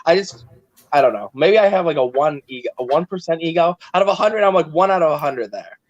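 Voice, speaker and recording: A man's voice: a little high, lively intonation, quick pace, no echo, muffled recording. A man hosting a casual chat while building a set, joking and rambling with self-mocking humor.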